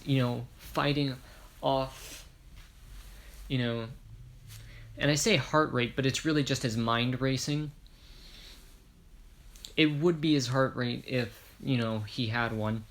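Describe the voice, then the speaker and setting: A man's voice: medium pitch, steady tone, takes it slowly, pauses often, a bit bright, slight background noise. A man from Ireland casually retelling a fan story, rambling with self-corrections and jokey asides.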